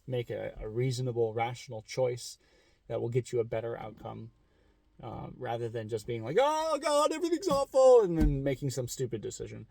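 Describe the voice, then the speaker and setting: A young man with a mellow, relaxed voice talks through big questions in a casual vlog. He rambles, corrects himself mid-thought and swears freely. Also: mid-range voice, brisk, vocal fry, husky. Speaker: vlogger. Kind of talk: casual philosophical monologue.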